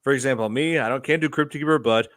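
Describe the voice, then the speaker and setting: Man, podcast co-host, halting chatty delivery, dry close sound. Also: mid-range voice, a bit bright, no room sound. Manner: hesitant, filler-heavy. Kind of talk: casual podcast chat.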